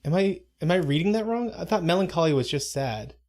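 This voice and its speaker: A man's voice: fairly high pitch, lively intonation, brisk, a little mellow. Man, live stream co-host, rambling chat, dramatic put-on asides. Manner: rambling, self-interrupting, mock-dramatic quotes. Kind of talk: casual live commentary chat.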